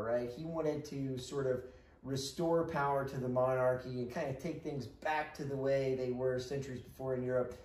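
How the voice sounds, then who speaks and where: A man with a mid-range, darkish voice shares teaching duties in an informal history class. His delivery is chatty, frequently punctuated by "right?" to check in with listeners, and the faraway mic makes the room sound spacious.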